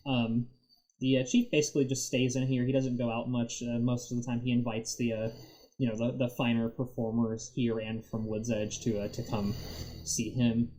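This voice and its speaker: A man's voice: mid-range voice, level tone, moderate pace, mellow, low-quality recording. A man narrating a tabletop game as game master, rambling with many fillers and frequent laughs.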